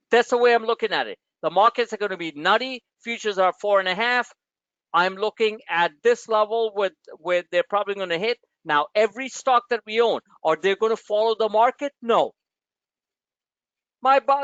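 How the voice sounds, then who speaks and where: A brash male host runs a live trading webinar, his voice high for a man and swinging up and down all the time. The dull, lo-fi stream audio is close and dry, with no room around it. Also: no room sound. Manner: animated, brash and joking, addresses listeners as "my friend". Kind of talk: live market webinar with member Q&A.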